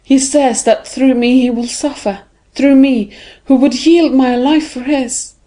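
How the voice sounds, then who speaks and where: A woman reading an audiobook, voicing a devoted young woman who speaks with fervent, high emotion. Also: fairly even intonation, a little slow, dark tone.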